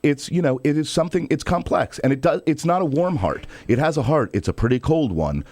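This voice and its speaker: A man's voice: a little high, lively intonation, a little fast, darkish tone. A man co-hosting a talk radio show in a studio, teasing his partner with dry humor. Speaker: radio show co-host, political strategist. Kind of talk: casual studio banter.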